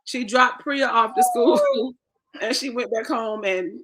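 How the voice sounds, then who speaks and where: A woman's voice: fairly high pitch, wildly swooping pitch, slow, a bit bright, husky. A woman, co-hosting a casual chat, teasing and laughing along. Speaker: co-host.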